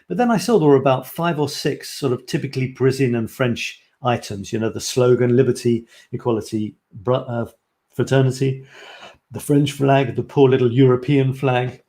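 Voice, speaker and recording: Man, middle-aged, live-stream host, casual chat, reads his own writing aloud, rambling asides, self-mocking, mid-pitched voice. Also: darkish tone. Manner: chatty and self-mocking, rambling asides, repeats phrases playfully.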